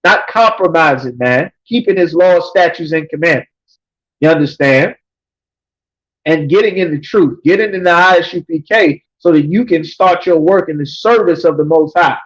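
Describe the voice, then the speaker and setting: A man teaching a scripture class, reading verses slowly and then explaining them emphatically, often checking with "you understand?". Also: fairly high pitch. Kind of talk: preaching scripture breakdown. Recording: dull lo-fi recording.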